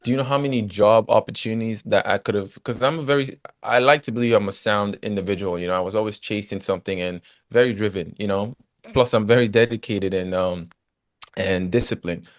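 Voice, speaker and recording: A man with a fairly low voice tells his story in a relaxed interview, animated and leaning on "you know" between phrases. He was recorded close and dry, with no room sound behind him. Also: fairly quick, dry recording. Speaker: guest, former footballer turned agent.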